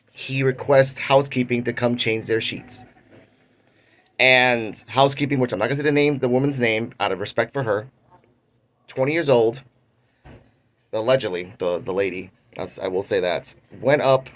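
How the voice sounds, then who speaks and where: A man's voice: medium pitch, moderate pace, long pauses. A young man hosting an online commentary show, casually retelling a news story with frequent restarts. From Puerto Rico. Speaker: commentary channel host.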